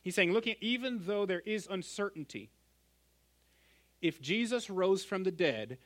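A middle-aged pastor preaching to his church in an earnest, emphatic way. His slightly higher man's voice rises on stressed words and drops to a hush at the ends of lines. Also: expressive, a little slow. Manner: earnest, emphatic, swings from loud to hushed. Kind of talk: sermon.

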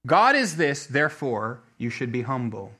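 A middle-aged man preaching a sermon, telling a story with many restarts and swinging between quiet asides and emphatic peaks. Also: mid-range voice, big pitch swings, normal speed, slightly rough. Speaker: pastor.

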